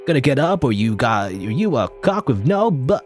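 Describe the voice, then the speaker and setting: A vengeful Western gunman, voiced by a man delivers slow, grandiose threats with theatrical flair. Music plays clearly behind. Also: mid-range voice, big pitch swings, close to an everyday voice. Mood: menacing.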